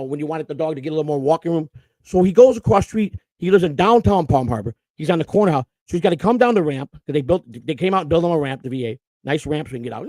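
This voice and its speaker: A man's voice: on the high side, darkish tone, no room sound, studio quality. A middle-aged man hosting a live stream, telling an emotional, rambling personal story and often repeating and restarting his words. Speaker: host.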